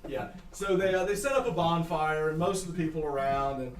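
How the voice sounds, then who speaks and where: A man, narrating a tabletop game as game master in an excitable, animated way. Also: fairly high pitch, roomy sound, far from the mic, a little hiss or hum. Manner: animated, excitable, quick asides.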